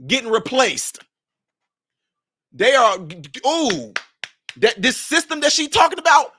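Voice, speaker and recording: Sharp, high-voiced man ranting sarcastically. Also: lively intonation, moderate pace, no room sound, clean studio sound. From Chicago area. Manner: sarcastic, scolding, repeats rhetorical questions. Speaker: commentator. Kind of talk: confrontational commentary rant.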